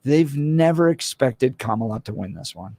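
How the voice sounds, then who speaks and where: A man hosting a morning talk radio show, opinionated and animated, with sarcastic asides. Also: medium pitch, moderate pace, no room sound, studio quality. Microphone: studio microphone.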